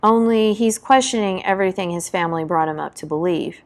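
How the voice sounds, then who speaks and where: Gravelly low-voiced woman reading a novel. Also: fairly quick. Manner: dramatic reading, voicing battle sound effects. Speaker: book talk presenter.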